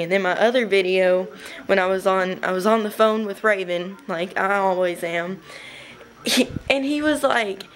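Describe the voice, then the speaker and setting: A young woman casually telling a rambling story to her webcam at home, chatty and giggly, with quick bursts. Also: medium pitch. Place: home room.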